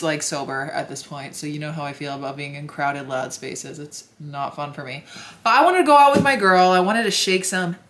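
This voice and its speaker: A young woman telling a story to camera in a casual, chatty way, with lots of fillers and animated asides. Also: sits low. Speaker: vlogger.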